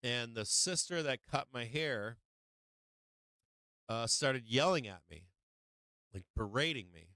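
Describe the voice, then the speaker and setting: A man's voice: mid-range voice, animated, slow pace, pauses often, sharp tone, no room sound. A man hosting a live stream, telling a casual anecdote in a rambling way, full of fillers, swearing and laughs. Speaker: host of a stock market live stream.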